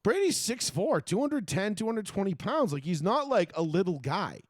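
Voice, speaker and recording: Man, sports show co-host, profane rant, slightly high voice, dry close sound. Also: moderate pace, no echo. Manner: profane, ranting, animated. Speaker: podcast co-host. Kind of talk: casual sports chat.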